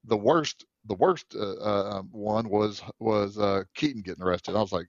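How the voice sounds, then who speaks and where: A man with a low voice chats loosely about a film, piling up fillers and restarts. His voice sits dry and close, with no room around it, and the sound is a little dull and muffled. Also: moderate pace, few pauses, no echo. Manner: rambling, many fillers and restarts. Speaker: podcast co-host. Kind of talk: casual movie review chat.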